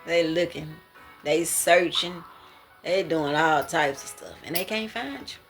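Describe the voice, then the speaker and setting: A woman's voice: low-pitched, measured pace, creaky, soft background music. A woman sharing her prophetic dreams in a casual spoken monologue, emphatic and slangy, often laughing and exclaiming.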